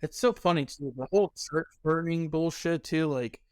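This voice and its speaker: Chill young dude cohosting a podcast, smooth clear voice, dry close sound. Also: male voice, fairly high pitch, moderate pace, no echo. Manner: laid-back, profane, with fillers. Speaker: podcast co-host. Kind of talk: casual chat.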